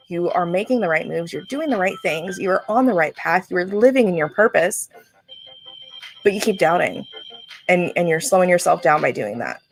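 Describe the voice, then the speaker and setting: A woman giving a casual spiritual reading to a viewer on a livestream, chatty and laughing often, with lots of fillers and restarts. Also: fairly low pitch. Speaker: psychic reader on a livestream. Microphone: livestream setup.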